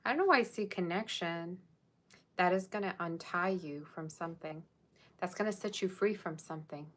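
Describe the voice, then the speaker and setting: Chatty low-voiced woman reading tarot. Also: brisk, a bit bright. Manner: casual, chatty, speaks straight to viewers; musing, tentative delivery. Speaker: tarot reader. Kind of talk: live-streamed tarot reading.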